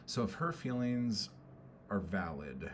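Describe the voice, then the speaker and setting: Low-voiced guy venting on a stream, swears a lot, lots of ums and likes, faint hum in the back. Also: very animated, slow. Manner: rambling, frustrated, swears often, lots of fillers. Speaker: poet and streamer. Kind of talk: casual livestream venting.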